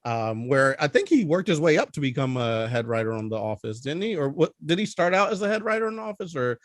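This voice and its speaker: A man with a Philadelphia accent hosts a casual chat about films, his voice a bit high and swinging up and down a lot. He sounds close and dry, chatty and quick to laugh. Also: no room sound. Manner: animated, chatty, laughs often. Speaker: host.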